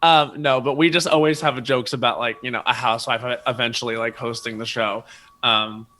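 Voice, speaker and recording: A man who is a guest on a podcast, telling stories in casual chat with animated asides. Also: mid-range voice. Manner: animated storyteller, quick asides.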